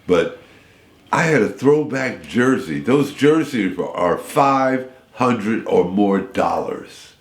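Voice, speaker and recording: Deep-voiced man telling lively stories. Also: slow, echoey room. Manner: rambling, animated storytelling with restarts. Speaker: radio interview guest. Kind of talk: storytelling in a radio interview.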